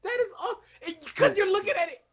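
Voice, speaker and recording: A young man co-hosting a casual podcast chat, excitable and prone to sudden loud outbursts. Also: very high voice, quick pace. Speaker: podcast co-host.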